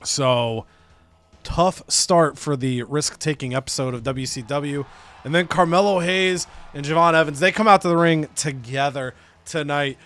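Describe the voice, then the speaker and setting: A man casually recapping a wrestling management game, animated and profane, slipping into other characters' voices. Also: on the high side, a little slow. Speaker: let's play host.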